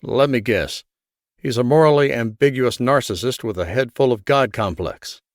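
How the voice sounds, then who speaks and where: A cocky, wisecracking man held captive, tossing off sarcastic jokes, as an audiobook narrator puts him on. The voice is lifted a little and brighter than the narration, recorded dry and close. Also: medium pitch, moderate pace, no room sound, close to an everyday voice. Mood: wry. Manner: joking, flippant.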